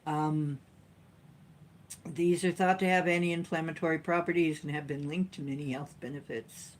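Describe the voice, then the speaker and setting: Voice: medium pitch, fairly even intonation, normal speed, slight background noise, poor audio. A channel host talking casually to viewers, rambling through personal stories and reading an article aloud with sarcastic asides.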